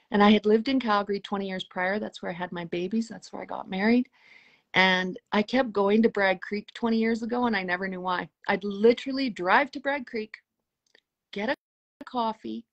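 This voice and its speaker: Speaking at medium pitch with a creaky quality, a middle-aged interview guest recounts a spiritual experience from her own life. Her delivery is earnest and emotional, often falling to a soft hush.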